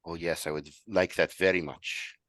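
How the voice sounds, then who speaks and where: A man's voice: deep voice, fairly even intonation, normal speed, fairly bright tone, no room sound, clean studio sound. A man playing a tabletop game in a giggly, playful way. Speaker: player. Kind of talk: casual tabletop play.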